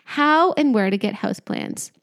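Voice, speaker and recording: A woman's voice: fairly high pitch, expressive, moderate pace, vocal fry. A young woman co-hosting a podcast in casual chat, rambling and laughing often. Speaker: podcast co-host.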